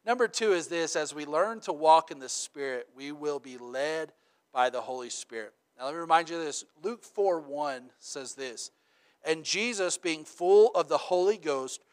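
A middle-aged man preaches in a slightly high voice that moves a lot. He talks to the congregation, drops to a near hush, then builds back to loud emphasis. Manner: dynamic, swinging from loud emphatic to quiet and intimate; conversational, checks in with "okay?" and "right?". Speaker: pastor. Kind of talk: sermon.

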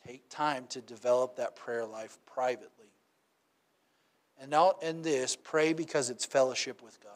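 A man preaching a sermon in a conversational way, often asking "right?" and acting out little quotes. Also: medium pitch.

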